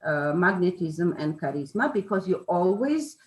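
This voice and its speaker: A woman's voice: lowish voice, sing-song, normal speed. A woman giving an informal talk, explaining with many fillers and self-corrections. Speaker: speaker on charisma. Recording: echoey room.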